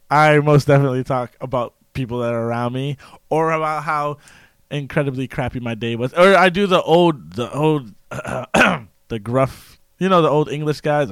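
A man's voice: mid-range voice, normal speed, clean tone, no echo. A young American man in casual chat, playful and laughing often, joking about slipping into accents. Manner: playful, slips into put-on English accents.

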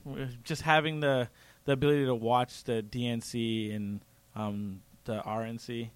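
A man's voice: mid-range voice, fairly even intonation, moderate pace, clean tone, no room sound. A man hosting a casual comedy radio show, loose and joking, often breaking into laughter.

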